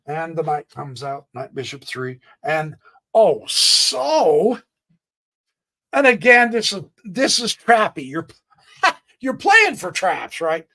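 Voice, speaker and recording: A man hosting a live chess stream, chatty and excitable, calling out moves as he plays them and thinking aloud, a bit sneezy today. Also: a little high, slow pace. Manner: chatty, excitable, exclamations and laughs. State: sneezy, stuffed up. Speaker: chess livestream host.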